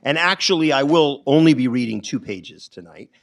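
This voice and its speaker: A middle-aged man, an author, speaking to an audience at a bookstore event in a reflective, halting way, with frequent ums and restarts. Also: medium pitch, expressive, gravelly.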